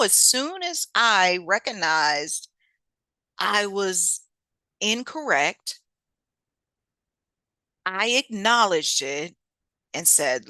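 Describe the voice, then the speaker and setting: A woman hosting a motivational self-help talk, lively and preachy, with casual speech. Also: on the low side, no echo. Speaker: host.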